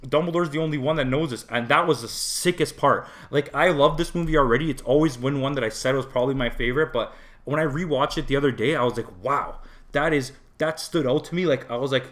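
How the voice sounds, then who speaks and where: Young man, bright edgy tone, animated ranting movie-review host. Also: mid-range voice, fast. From Toronto, Canada. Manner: animated, ranting, swears freely. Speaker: podcast co-host. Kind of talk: casual movie review chat.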